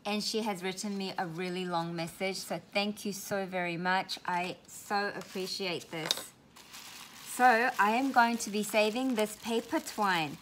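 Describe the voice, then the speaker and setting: A woman's voice: mid-range voice, fairly even intonation, a little slow, a bit bright, slight background noise. A woman craft vlogger who lives in Australia, opening crafty mail and gushing about it in a casual way, often repeating words for emphasis.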